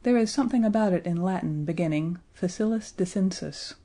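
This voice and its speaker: A woman narrating a children's audiobook in a gentle, expressive way. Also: lowish voice, fairly quick.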